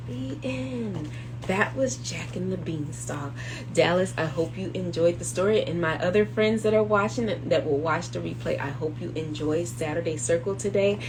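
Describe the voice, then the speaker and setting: A woman hosting children's circle time, reading a storybook aloud slowly and expressively, hushed at calm moments. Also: lowish voice, background noise.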